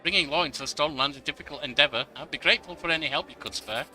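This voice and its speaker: A man reading a humble high priest's lines aloud in an earnest, courteous manner. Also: racing, pushed and bright, a faint crowd.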